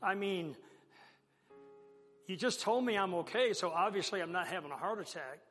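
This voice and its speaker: A pastor delivers an animated sermon story, acting out both sides of the conversations. His voice sits a little high for a man. It rings through a large hall with a long tail of reverb, over faint background music. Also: normal speed, breathy edge.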